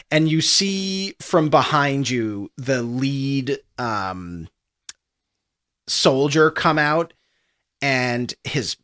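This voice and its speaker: A man's voice: mid-range voice, sharp tone. A man narrating as game master of a tabletop role-playing game, loose and full of fillers.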